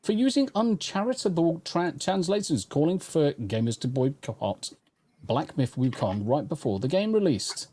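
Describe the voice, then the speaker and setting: A man hosting a casual commentary stream, his voice lively and moving over a wide range. He talks in a profane, joking manner, reading out stories and reacting to them. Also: a little high, normal speed. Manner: profane, joking, reads news aloud. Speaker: podcast host.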